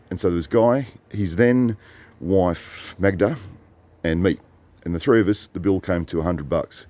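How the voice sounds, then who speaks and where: A man's voice: deep voice, dark tone, slight background noise. An Australian man rambling through a chatty story in a casual monologue, often correcting himself. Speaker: vlogger.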